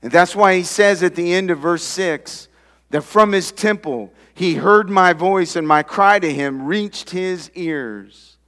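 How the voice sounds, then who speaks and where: A man preaching a sermon as pastor, with emphatic swells in pitch and volume. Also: measured pace, a bit bright. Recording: long hall reverb.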